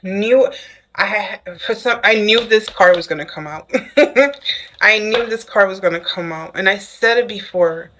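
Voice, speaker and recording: A woman giving a casual spoken tarot reading to the viewer, excitable and chatty, who keeps checking in with "okay?". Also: medium pitch, measured pace, a little hiss or hum, low-quality recording. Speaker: tarot reader.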